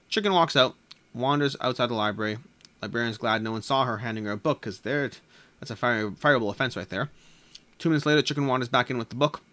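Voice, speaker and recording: A man hosting a board game channel, telling a long joke to camera in a quiet, deadpan way with small self-corrections. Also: medium pitch. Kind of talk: casual chat, telling a joke. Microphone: camera mic.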